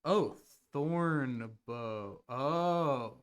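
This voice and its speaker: A man's voice: mid-range voice, very slow, clear, resonant tone. A man running a live-streamed tabletop game as game master, talking casually and thinking aloud over the rules.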